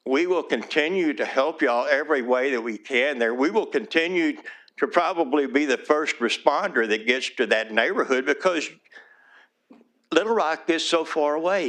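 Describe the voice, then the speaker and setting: A man's voice: fairly high pitch, expressive, moderate pace, fairly bright tone. A man, a small-town mayor giving public comment at a city council meeting, earnest and pleading, his voice turning emotional as he repeats his requests.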